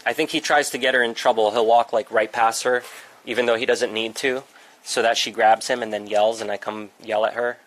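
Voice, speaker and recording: A man's voice: mid-range voice, steady tone, brisk, a bit bright, rough recording. A man hosting a casual livestream from a home music setup, chatting and scolding his pets in an exasperated way.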